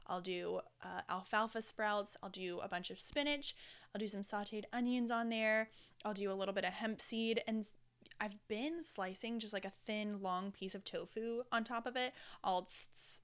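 Chatty woman, smooth voice. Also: medium pitch, fairly bright tone. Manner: chatty, rambling, candid with casual swearing. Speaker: podcast host. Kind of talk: casual solo podcast chat.

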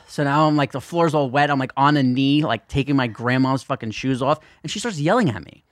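A man's voice: mid-range voice, brisk, no room sound, studio quality. A man co-hosting a podcast, rambling through a story in a casual chat and swearing often. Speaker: podcast co-host.

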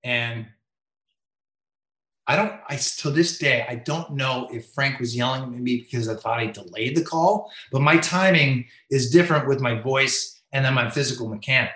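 Male guest, anecdote teller, bright voice, roomy sound. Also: medium pitch, normal speed. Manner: animated, acts out quotes with raised voice. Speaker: MLB umpire guest. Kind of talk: storytelling in interview.

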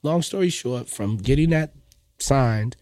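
A man, a guest rapper telling animated stories in a podcast interview and acting out what people said. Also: medium pitch, a little slow, dry recording, clean studio sound. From New York. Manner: animated storyteller who acts out quotes.

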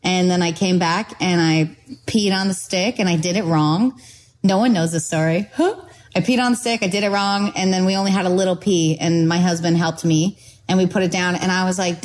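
A young woman, a singer and podcast guest, chatting and telling stories in a bubbly, excitable way. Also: mid-range voice, rough recording. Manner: bubbly, excitable, quick to laugh. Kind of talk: casual chat, storytelling.

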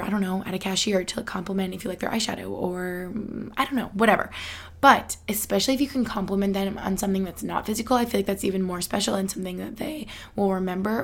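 A young woman talks casually on her podcast with a bubbly, rambling flow. She drops "like" into nearly every phrase and laughs easily. Her voice settles into a gravelly fry at the ends of her phrases. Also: mid-range voice. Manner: chatty, upbeat, many "like" fillers, laughs often. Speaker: podcast host. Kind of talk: casual chat.

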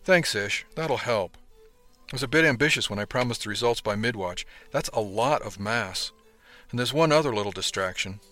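A man voicing a young male ship crewmate, earnest and somewhat glum, in a plain, low-key delivery close to his own voice. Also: lively intonation, moderate pace, a bit bright, faint music behind. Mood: easygoing.

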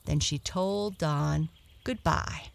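A woman reading a children's book aloud in a slow, gentle, steady storytelling manner. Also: low-pitched, creaky.

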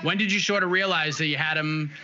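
A man interviewing a fighter after a bout, asking long, measured questions. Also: fairly high pitch, steady tone. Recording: dull audio with loud background noise.

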